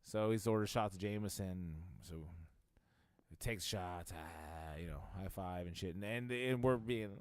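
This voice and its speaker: A man's voice: low-pitched, a little slow, no echo, clean studio sound. A young man co-hosting a podcast, telling a profane, laid-back story in casual chat. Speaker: podcast co-host.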